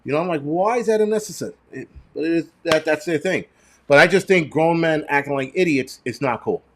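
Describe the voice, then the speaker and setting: A man's voice: a little high, lively intonation, a little fast, fairly bright tone, a little hiss or hum. Blunt, foul-mouthed middle-aged man. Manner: blunt, profane, rambling. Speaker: channel host. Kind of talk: casual livestream chat answering viewers.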